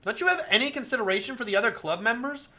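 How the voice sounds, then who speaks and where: Woman reading a firm, scolding teen club leader, bright and lively voice. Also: fairly high pitch, rapid-fire, voice pushed up.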